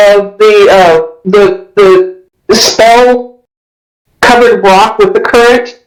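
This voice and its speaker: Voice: medium pitch, low-quality recording. Chatty dungeon master narrating. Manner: descriptive, with frequent restarts. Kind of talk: narrating a tabletop game.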